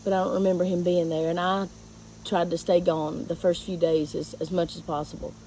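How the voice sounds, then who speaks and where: A woman, a teacher, telling a painful personal story to her viewers in a halting, emotional way. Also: on the low side, flat delivery, warm tone, slight background noise, rough recording.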